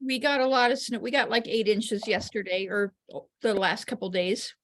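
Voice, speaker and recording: A woman member chatting in a relaxed, offhand way during a video meeting. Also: mid-range voice, moderate pace. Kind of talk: casual video-call chat. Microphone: video call.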